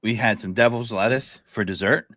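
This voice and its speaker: Male podcast co-host, low-ish voice, easygoing storyteller, dry close recording. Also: normal speed, fairly bright tone, no echo. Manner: laid-back storyteller, laughs while talking. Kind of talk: casual chat.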